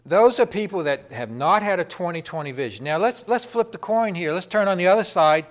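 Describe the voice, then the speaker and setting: A man preaching a sermon, swinging between loud, impassioned proclamation and quiet storytelling. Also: high voice, expressive, a little fast.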